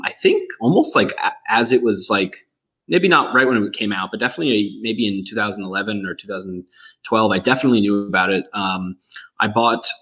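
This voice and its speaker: Male podcast guest with a low voice, relaxed and chatty. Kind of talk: casual interview conversation.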